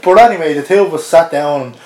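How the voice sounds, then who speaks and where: A man's voice: a little high, fast, darkish tone. An Irish man, a podcast guest, telling an anecdote casually and chuckling through it. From Ireland. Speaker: interview guest. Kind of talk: casual storytelling. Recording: roomy echoey podcast audio.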